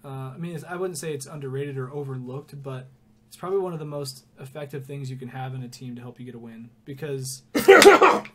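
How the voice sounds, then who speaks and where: A man's voice: mid-range voice, big pitch swings, a little fast, a little hiss or hum. A young man co-hosting a casual sports podcast, rambling through stories and laughing often. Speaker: podcast co-host.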